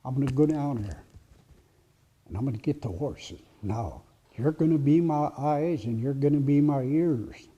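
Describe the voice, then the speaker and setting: A man voicing a calm, watchful older horse raider who gives low, steady instructions to a boy. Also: moderate pace, breathy edge, highs cut off.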